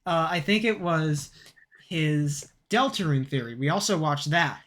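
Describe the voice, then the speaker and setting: A man's voice: a little high, expressive, measured pace, a bit bright. A man co-hosting a podcast in casual chat, telling stories in a rambling way with lots of fillers and laughter. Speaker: podcast co-host.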